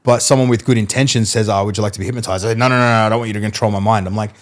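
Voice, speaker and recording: A man, a mentalist guest, telling animated stories in casual podcast chat and acting out what people said. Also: on the low side, very fast. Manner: animated storyteller, acts out quotes, laughs mid-story.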